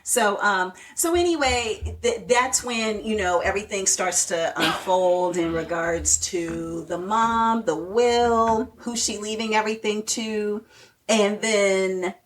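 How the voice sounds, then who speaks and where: A woman's voice: mid-range voice, takes it slowly. A woman co-hosting a podcast, animatedly retelling a TV episode in casual chat, full of "like" and acted-out quotes. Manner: animated retelling, heavy use of "like" and quoted asides. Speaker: podcast co-host. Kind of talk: casual chat recapping TV shows.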